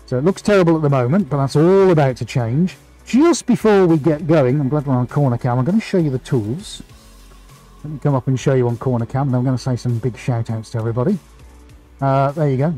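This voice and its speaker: Guy painter chatting on his live stream, mellow voice, faint music behind. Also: mid-range voice. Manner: chatty, reads out viewer greetings with small restarts. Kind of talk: casual live-stream chat.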